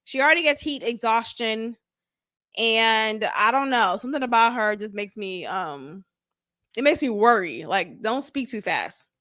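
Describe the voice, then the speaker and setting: A woman's voice: a little high, animated, a little slow, sharp tone, no echo, studio quality. A woman hosting a casual reality show recap, candid, opinionated and chatty. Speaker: show review host.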